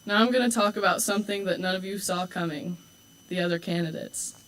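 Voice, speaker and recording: On poor audio, a late-teen girl running for homecoming court delivers a prepared speech indoors at a school event. Her voice sits on the low side and moves fairly quickly, and she is heartfelt and warm while tossing in teasing, dry asides.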